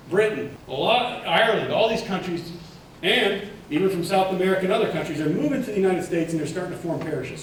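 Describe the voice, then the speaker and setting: A man giving a keynote conference talk, animated, putting questions to the audience. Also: fairly high pitch, a little hiss or hum. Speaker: keynote speaker. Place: large conference hall. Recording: echoey hall from far off.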